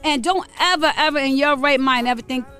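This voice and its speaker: A woman's voice: high-pitched, brisk, fairly bright tone, soft background music. A woman in her forties from Rhode Island, co-hosting a morning radio show in blunt, preachy, fiery casual talk. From Rhode Island, USA. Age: 40s. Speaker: radio co-host.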